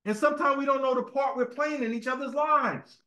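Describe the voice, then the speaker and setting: High-voiced man preaching in an echoey room. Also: brisk, sharp tone. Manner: conversational, repeats words, asks listeners "right?". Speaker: speaker at a religious temple meeting. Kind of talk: informal sermon with personal stories. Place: temple meeting room.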